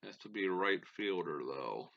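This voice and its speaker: A man's voice: low voice, expressive, normal speed, vocal fry, lo-fi sound. A middle-aged man hosting a gaming channel, calling a baseball sim game play-by-play and muttering to himself with folksy exclamations.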